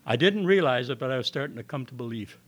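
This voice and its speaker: A man's voice: mid-range voice, lively intonation, fast talker. An older man telling a personal testimony to an audience in a meeting hall, with plain folksy storytelling and acted-out dialogue. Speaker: recovery meeting speaker.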